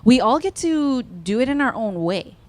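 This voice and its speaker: A woman's voice: fairly high pitch, sing-song, moderate pace, darkish tone, dry recording. A woman chatting casually during a church message, laughing easily and filling her talk with "like" and "right?". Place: church in Hawaii.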